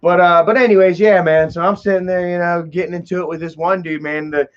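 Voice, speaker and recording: A man telling a long, rambling story on a livestream, swearing freely and filling every pause with "you know" while greeting viewers in chat. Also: high voice, steady tone. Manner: profane, heavy on fillers like "you know". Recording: dull lo-fi livestream audio.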